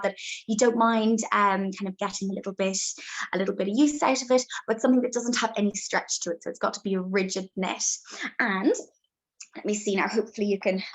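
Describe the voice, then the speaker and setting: A woman's voice: medium pitch, poor audio. A woman, a birth educator, giving a chatty, reassuring live demonstration and showing each step as she talks.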